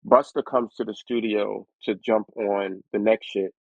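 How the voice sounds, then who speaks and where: A man being interviewed as a guest rapper, telling stories in a lively way and acting out other people's voices as he goes. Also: fairly low pitch, measured pace, vocal fry, no room sound. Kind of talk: storytelling interview. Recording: dry, tinny phone-like line.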